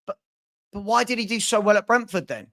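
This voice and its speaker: Exasperated high-voiced man ranting. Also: animated, brisk, a bit bright. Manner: exasperated, repetitive, stumbling restarts. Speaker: football channel host. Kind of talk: casual live-stream chat.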